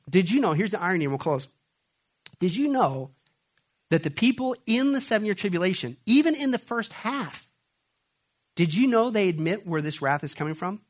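A male preacher with a high-pitched voice, delivering a forceful sermon. He keeps asking questions and answering them himself, swinging between loud, pressing emphasis and low, intense passages. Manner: emphatic call-and-response questioning.

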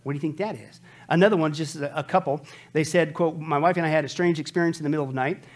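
A man's voice: a little high, fast. A man preaching a sermon, emphatic, often asking rhetorical questions to the crowd.

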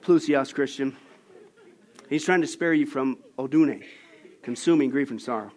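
A man preaching a sermon, emphatic and animated as he tells stories. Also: mid-range voice, normal speed. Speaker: pastor.

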